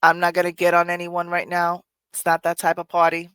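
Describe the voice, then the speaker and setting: Podcast host, mid-pitched, earnest and conversational, dry close recording. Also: completely flat delivery, a little fast, a bit bright, clean tone, no echo. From Puerto Rico. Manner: earnest, conversational, often restarts phrases, swears casually. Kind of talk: personal reflective monologue.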